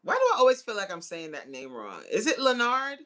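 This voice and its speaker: A woman in her forties hosting a casual livestream and chatting with viewers. She is slangy and laughs often, with sudden jumps into high exclamations. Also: sing-song, fast. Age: 40s. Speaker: livestream host. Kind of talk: casual live chat reading viewer comments.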